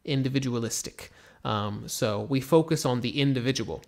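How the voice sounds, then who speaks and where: A young American man teaching English in a casual live stream, slowly repeating example phrases and answering questions. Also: mid-range voice, vocal fry. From United States. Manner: relaxed, slow repetitions of example phrases, mixes in Turkish.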